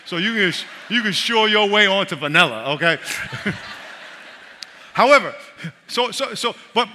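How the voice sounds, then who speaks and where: A middle-aged male pastor preaching a sermon, animated and repetitive, often checking that his congregation is following along. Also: sits high. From New York. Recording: long reverb of a large hall.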